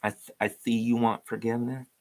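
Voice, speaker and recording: A man's voice: medium pitch, little pitch movement, a little fast, pitched above the performer's own voice, natural voice. A man putting on a drawling Southern churchgoer. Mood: stern. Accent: put-on Southern US. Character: stern rule-giving churchgoer, adult man.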